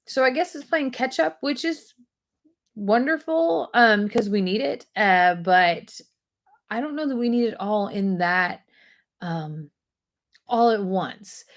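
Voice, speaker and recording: A woman's voice: mid-range voice, takes it slowly. A woman, hosting a weekly video and telling a rambling, self-deprecating story to her viewers. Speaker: host of a weekly video segment.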